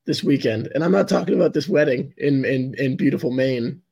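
A hoarse young man co-hosting a casual sports podcast, rambling and laughing often. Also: medium pitch, brisk, darkish tone. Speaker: podcast co-host.

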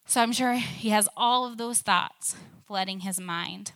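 A young woman preaches in a chatty, storytelling way and keeps dropping in casual fillers. Her voice is bright and middle-pitched. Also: measured pace. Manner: conversational, many fillers like "like" and "um".

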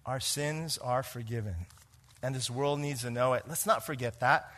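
A man, a pastor, preaching a sermon, moving between hushed lines and emphatic ones and asking the congregation questions. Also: medium pitch, moderate pace.

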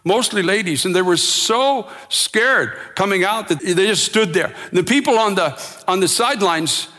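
A man preaching a sermon with impassioned delivery that builds to shouting. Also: sits high, expressive, moderate pace, in a large hall.

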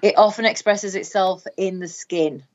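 A woman's voice: mid-range voice, steady tone, moderate pace, darkish tone, lo-fi sound. A woman with a Northern English accent, a guest practitioner explaining health topics in a podcast interview, talking in long runs full of ums.

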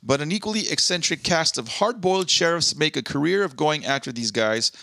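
A man's voice: fairly high pitch, expressive, a little fast, creaky, bright, forceful tone, dry recording. A man co-hosting a casual podcast, reading news articles aloud and giving blunt, profane opinions. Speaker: podcast co-host.

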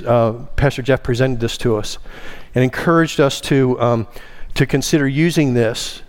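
Emphatic male preacher. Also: a little mellow. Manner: emphatic, rising in pitch on key words; leads the congregation in call-and-response. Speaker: pastor. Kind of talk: sermon. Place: church sanctuary.

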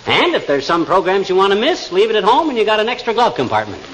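An actor playing a boastful, blustering middle-aged male inventor, talking fast, in a 1940s radio comedy. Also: high voice, sing-song, fairly bright tone. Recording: hissy noisy 1940s radio broadcast.

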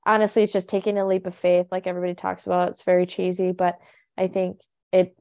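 Quick and completely flat, her lowish, mellow voice comes through a dry, studio-quality recording. She's a young coach co-hosting a faith podcast, speaking in an earnest, chatty way full of fillers like "honestly" and "you know."

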